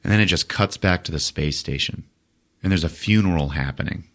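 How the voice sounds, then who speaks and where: A man hosting a podcast, retelling a film in a casual, profane, animated way. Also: deep voice, a little fast. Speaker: host. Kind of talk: casual chat.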